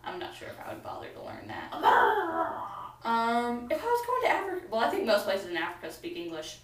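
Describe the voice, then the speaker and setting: A woman's voice: on the high side, huge pitch swings, brisk, soft background music. A young American woman vlogging in a casual, rambling, giggly way with lots of fillers. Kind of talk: casual chat to camera. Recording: echoey room, mic at a distance.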